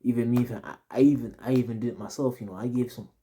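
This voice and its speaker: A man's voice: mid-range voice, steady tone, fast, warm tone. A young man telling a story to his audience in a casual, rambling, slang-heavy way, repeating himself often. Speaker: vlogger.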